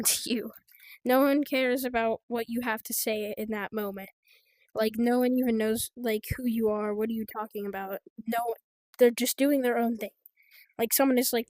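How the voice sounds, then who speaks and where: A woman's voice: a little high, darkish tone, no room sound. An American woman giving game trading tips in rambling, casual commentary, full of fillers like "like" and "so". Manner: rambling, filler-heavy, offhand.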